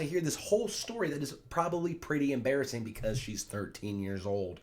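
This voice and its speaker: A man's voice: on the low side, sing-song, a little fast, few pauses. A man teaching a play line by line, reading quoted lines in raised voices and then explaining them plainly.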